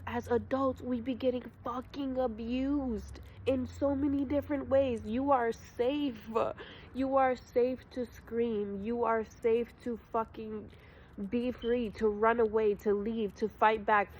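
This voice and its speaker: Young woman, vlog storytelling, raw and profane, slow, higher pitch, dull slightly hissy recording. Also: steady tone. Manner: raw, profane, addresses viewers as y'all. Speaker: spiritual vlogger. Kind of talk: emotional personal storytelling to camera.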